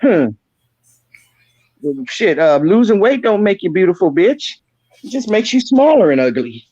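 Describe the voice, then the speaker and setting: A man's voice: high voice, very animated, moderate pace, husky, no echo. A man hosting an online roast, ranting and mocking a rival with heavy cursing. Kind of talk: profane roast rant.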